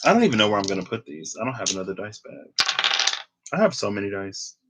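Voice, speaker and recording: A man's voice: fairly low pitch, sing-song, fast talker, heavy background noise. A man giving a casual tarot reading to camera. He thinks aloud in a rambling, laid-back way, full of "like" and restarts. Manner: laid-back, laughs at himself. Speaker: tarot reader.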